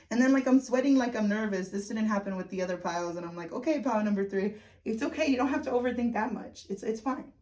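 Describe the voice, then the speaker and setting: A woman's voice: on the high side, darkish tone. A woman giving a casual, frank tarot reading who laughs often and swears now and then. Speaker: tarot reader.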